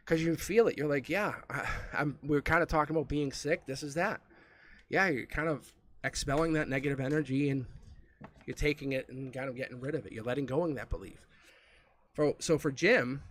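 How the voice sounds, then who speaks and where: A man's voice: mid-range voice, a bit bright. A man giving a live-streamed tarot reading, talking straight to the viewer in a chatty way and chuckling often. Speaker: tarot reader.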